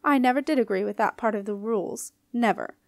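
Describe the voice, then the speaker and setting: A woman's voice: fairly high pitch, fairly quick, creaky, no room sound, studio quality. A woman reading aloud and voicing a fussy, bossy old ghost queen who huffs and scolds. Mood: bossy, huffy. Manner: bossy, huffing, imperious.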